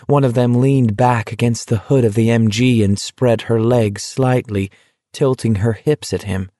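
A man reading a novel aloud as narrator, in a measured, deliberate way. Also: medium pitch, fairly even intonation, warm tone, no room sound, clean studio sound. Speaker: audiobook narrator. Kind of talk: scripted narration.

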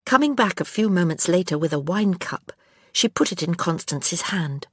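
A woman narrating a historical novel as an audiobook in a steady, measured reading. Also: lowish voice, breathy edge, dry recording, clean studio sound. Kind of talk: scripted narration.

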